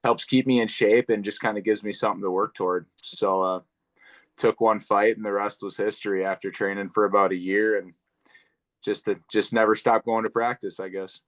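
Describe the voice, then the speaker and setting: Laid-back young man, lowish voice. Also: fairly even intonation. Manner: laid-back, rambling, drawn-out fillers. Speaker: professional MMA fighter, guest. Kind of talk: casual interview.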